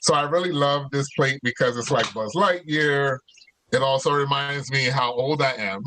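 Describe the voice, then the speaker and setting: A man's voice: medium pitch, normal speed, sharp tone, slight background noise, poor audio. A man cooking in his home kitchen and chatting casually on a video call through his laptop, rambling along with plenty of fillers. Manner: rambling, laid-back, many fillers. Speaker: guest cook. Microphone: laptop mic on video call.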